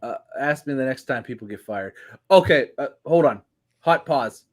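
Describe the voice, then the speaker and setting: A man's voice: mid-range voice, animated, normal speed. A man co-hosting a casual wrestling podcast, joking and rambling, swearing freely. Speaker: podcast co-host.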